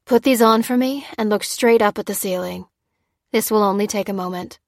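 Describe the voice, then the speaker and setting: A clipped, matter-of-fact female doctor, played by a woman reader. She is brisk and apologetic in a dry, close storybook reading. Her voice sits at a middle pitch. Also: dry recording, close to an everyday voice.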